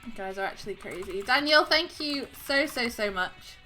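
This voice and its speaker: A woman's voice: on the high side, lively intonation, normal speed, pushed and bright, faint music behind. A woman hosting a live stream, chatting with viewers, laughing often and gushing with overwhelmed thanks. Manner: giggly and effusive, laughing often. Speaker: livestream host.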